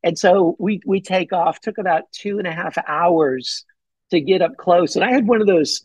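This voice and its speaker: A man telling a hunting story as a podcast guest, excited and rambling, with many fillers and restarts. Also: normal speed, husky, no echo, rough recording. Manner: acts out his own past words with big pitch jumps. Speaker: podcast guest, bowhunter and pastor. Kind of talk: casual storytelling in an interview.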